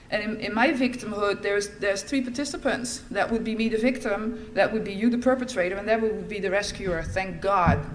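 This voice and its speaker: A woman's voice: mid-range voice, slight background noise. A middle-aged woman from the Netherlands, giving a candid, wry personal testimony as a speaker at a recovery meeting.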